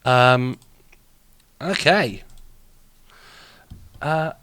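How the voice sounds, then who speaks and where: A man's voice: mid-range voice, extremely slow, fairly bright tone, clean tone, no echo. A man hosting a live show in a rambling, chatty way, laughing often as he reacts to what he sees and reads out. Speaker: radio show host and streamer. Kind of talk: casual live-stream chat.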